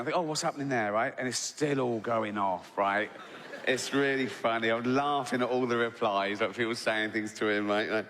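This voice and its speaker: A man's voice: medium pitch, fairly bright tone. A middle-aged man doing a stand-up routine, swearing a lot and acting out both sides of arguments in raised voices. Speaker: stand-up comedian. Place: large theatre stage. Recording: live hall with reverb and audience noise.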